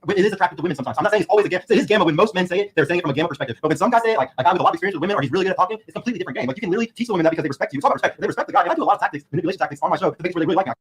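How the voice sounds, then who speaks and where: A man's voice: high-pitched, expressive, very fast, hardly any pauses, a little hiss or hum. A man on a podcast panel who talks aggressively and keeps jumping in over the others.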